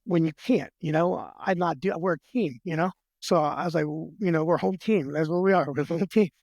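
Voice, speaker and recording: A military veteran, speaking as a podcast guest, tells his own emotional story with earnest feeling, often restarting and repeating words and retelling conversations in quick back-and-forth. His slightly high voice has a darkish tone and turns gravelly at phrase ends. The sound is close and dry, with no echo or room behind it.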